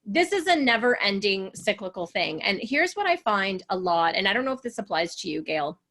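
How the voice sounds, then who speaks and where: A woman's voice: mid-range voice, lively intonation, moderate pace, sharp tone. Earnest encouraging woman relationship coach. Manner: earnest, encouraging, acts out quoted voices. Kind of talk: coaching session talk.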